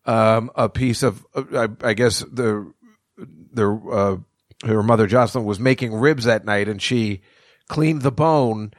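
A man's voice: on the low side, slow, no room sound. A middle-aged man hosts a solo podcast in a loose, rambling way. He swears freely and chuckles at his own bits. The recording is close and dry, with no room sound. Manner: rambling, profane, laughing at his own jokes. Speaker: podcast host. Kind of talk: casual rambling monologue.

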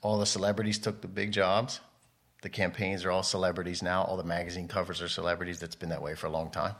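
A man with a low, deep voice talks loosely through a podcast interview. He rambles, cuts himself off and restarts mid-thought, like a guest telling stories from his working life. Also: flat delivery, fast, fairly bright tone. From United States. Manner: rambling, self-interrupting storyteller. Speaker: podcast guest, model and photographer. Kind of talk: casual interview chat.

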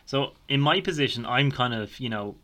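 A man, co-hosting a podcast in relaxed, conversational chat and chuckling often. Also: mid-range voice, normal speed. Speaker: podcast co-host. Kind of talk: casual chat.

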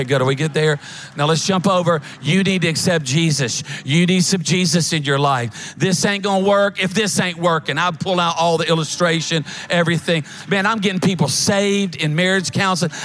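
A middle-aged pastor with a drawl preaches from a church stage, his voice sitting notably high for a man. He tells his story in a folksy, animated way, tossing in quick asides, while soft music plays faintly underneath. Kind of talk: sermon storytelling.

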